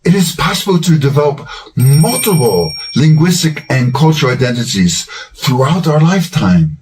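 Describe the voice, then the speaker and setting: A man in his sixties or older, giving a measured, scripted educational talk as a language-learning host. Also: fairly high pitch, sing-song, a little mellow, recorded from a distance, rough recording. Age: 60s or older. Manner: measured, explanatory delivery.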